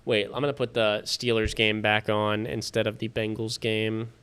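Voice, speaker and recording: A man's voice: lowish voice, level tone, moderate pace, a bit bright, a little hiss or hum. A man hosting a fantasy football livestream from his home studio, chatting loosely with viewers, swearing casually and sounding tired and yawning.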